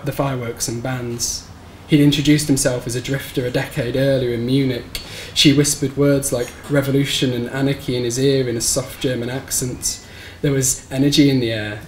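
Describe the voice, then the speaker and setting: A man reading his own short story aloud at a live bookshop event, in a measured, somber storytelling manner. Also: medium pitch, darkish tone. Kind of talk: live reading of literary fiction. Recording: roomy live recording with faint background noise.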